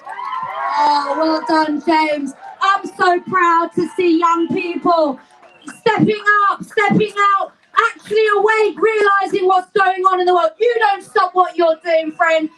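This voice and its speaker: A woman's voice: very high-pitched, fairly even intonation, slow pace, a bit bright. A woman emceeing an outdoor rally, introducing speakers with enthusiastic, encouraging calls to the crowd. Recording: voice picked up from a distance.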